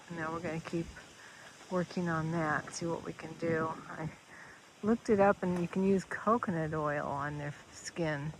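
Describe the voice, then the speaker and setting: Slow, soft-spoken woman on a windy farm. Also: low voice. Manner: soft, cooing talk to the horses. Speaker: farm vlogger. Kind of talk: casual farm vlog narration. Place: outdoors at a horse farm, windy. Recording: windy outdoor noise.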